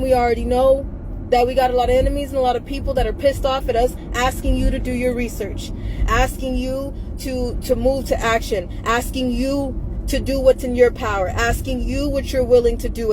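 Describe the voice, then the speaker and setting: A woman's voice: on the high side, noisy background. A tired young woman speaking bluntly and defiantly to her phone camera in a vlog, repeating herself for emphasis. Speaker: social media activist. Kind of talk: direct-to-camera vlog rant. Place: in a car.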